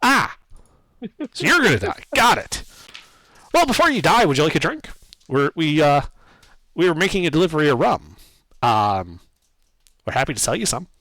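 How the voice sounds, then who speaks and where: A man voicing an older male gnome rum seller with a soft, squeaky voice and chirpy salesman patter. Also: sing-song, normal speed, pauses often, dry recording, full character voice. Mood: cheerfully blunt.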